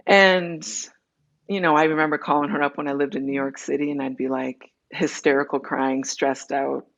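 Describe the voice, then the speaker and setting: A woman's voice: sits low, fairly even intonation, creaky, lo-fi sound. A woman being interviewed, telling her personal story candidly and acting out the dialogue as she goes. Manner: candid, tells her story in quick runs with acted-out dialogue. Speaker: interview guest.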